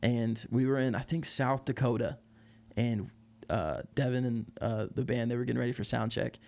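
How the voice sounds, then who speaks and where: A man telling a tour story as a podcast guest, lively and laughing, with lots of fillers. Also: medium pitch, moderate pace, creaky. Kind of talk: casual storytelling.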